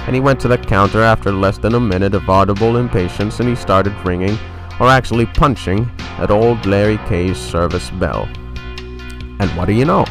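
A man narrates a spoken story in a low, steady voice. His delivery is wry and deadpan, poking fun at himself. Faint guitar music plays behind him. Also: normal speed. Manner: wry, deadpan, self-mocking. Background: soft guitar music.

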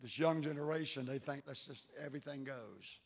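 A man preaching a sermon as pastor, folksy and emphatic, dropping to low intense tones. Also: a little fast, gravelly. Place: church sanctuary. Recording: church hall reverb.

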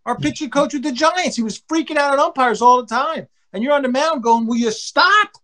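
A middle-aged man, a former pro baseball pitcher, telling stories in a casual interview in a blunt, animated way. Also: fairly quick. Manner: animated, acts out quotes with loud outbursts; blunt, plain-spoken.

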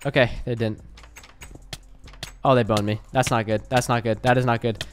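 A young man hosting a gaming video, giving excitable live commentary and raging at other players. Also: mid-range voice, clean tone, soft background music. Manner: excitable, quick to rage and yell.

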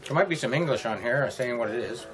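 A man casually reviewing beer and snacks in a home vlog, rambling and halting, chewing as he talks. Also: medium pitch, lively intonation, rough recording. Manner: rambling, halting, chatty with himself. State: eating while talking.

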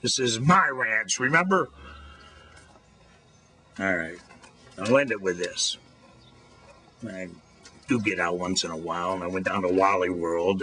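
A man's voice: low voice, a bit bright. A middle-aged man telling jokes in a casual rant outdoors by a street, holding the camera to himself. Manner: folksy storyteller who acts out quoted voices. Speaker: vlog host. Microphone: handheld camera held to himself.

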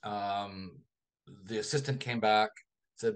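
A male author, a guest on a radio interview, telling a long anecdote in a lively raconteur's manner. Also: medium pitch, normal speed. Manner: lively raconteur, acts out quoted voices.

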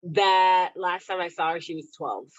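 A young woman from Texas, a guest on a podcast, chatting casually about her coaches. She laughs often between phrases and jumps into high, animated voices when she quotes people. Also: normal speed, no echo. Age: young adult. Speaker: podcast guest, Olympic wrestler. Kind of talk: casual interview chat. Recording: dull, slightly lo-fi, dry sound.

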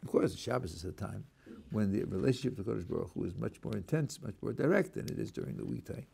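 An older rabbi with a creaky, slightly rough voice teaches a Torah class at a quick pace, scattering Hebrew religious terms throughout. He's animated, acting out the speakers in his examples as his pitch rises and drops.

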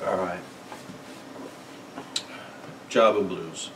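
A man's voice: sits low, steady tone, very slow, recorded from a distance, background noise. A man hosting a guitar channel, complaining in a satirical mock-outraged rant to the camera. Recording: roomy sound from off-mic.

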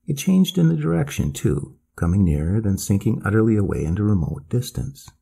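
A man reading a classic ghost story aloud as bedtime narration, in a measured, expressive manner. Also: on the low side, vocal fry, breathy edge.

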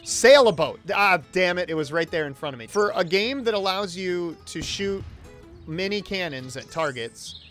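A man reviewing a video game with jokey, excitable commentary and sudden exclamations. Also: sits high. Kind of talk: comedic gameplay commentary.

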